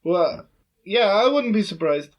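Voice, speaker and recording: A man co-hosting a casual podcast, playful and quick with jokes. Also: high-pitched, lively intonation, dull audio. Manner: playful, jokey, quick retorts. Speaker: podcast co-host. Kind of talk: casual chat.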